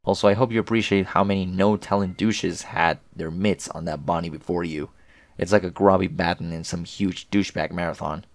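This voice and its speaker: A man reading as a snarky deadpan teen boy. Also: low voice, a little fast, no echo. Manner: sardonic, rambling, crude. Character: snarky deadpan teenage boy chatting online.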